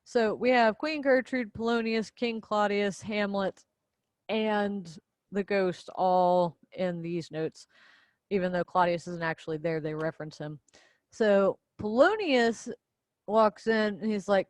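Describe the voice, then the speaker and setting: A woman's voice: mid-range voice, unhurried, no room sound. A young woman casually and playfully summarizing a play for a class video. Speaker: student presenter.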